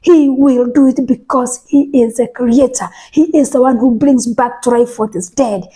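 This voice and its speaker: A woman preaching a sermon, speaking emphatically, repeating phrases and restarting words, and sometimes dropping to a soft whisper. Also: on the high side, steady tone, moderate pace, husky.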